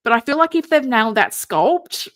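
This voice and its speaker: A woman's voice: a little high, expressive, moderate pace. An Australian woman hosting a casual livestream, tired and rambling, with a wry, mumbly way of talking. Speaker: host of a figure collecting livestream.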